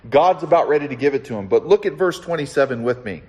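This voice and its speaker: Man as pastor, mid-pitched voice, earnest sermon delivery, soft hushes and rising emphasis. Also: animated, quick pace. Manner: earnest, drops to a soft hush then rises with emphasis; asks the listeners direct questions.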